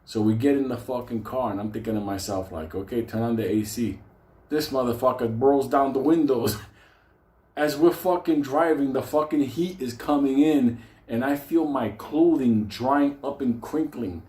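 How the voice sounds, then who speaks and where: A man's voice: medium pitch, moderate pace. A man telling a comic personal story, swearing constantly and laughing often. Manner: profane, animated, laughs often. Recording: echoey room.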